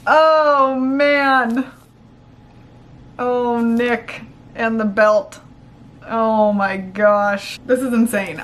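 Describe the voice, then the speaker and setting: A young woman filming an unboxing vlog, gushing and squealing with excitement, rambling with fillers. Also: fairly high pitch, a little hiss or hum. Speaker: vlogger.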